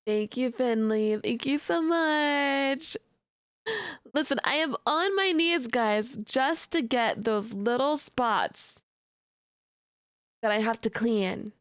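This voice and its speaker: A woman's voice: a little high, slow, smooth, dry recording, studio quality. A young adult woman streamer chatting casually with her audience, giggly and playfully teasing. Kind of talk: casual live-stream chat.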